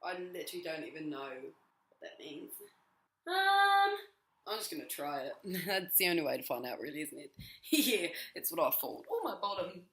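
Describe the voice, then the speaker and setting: A young woman in her twenties chatting casually to camera as a vlogger, giggly and rambling, her voice a little hoarse. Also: on the low side, very animated, moderate pace, a bit bright. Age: 20s. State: voice going hoarse. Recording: roomy echo.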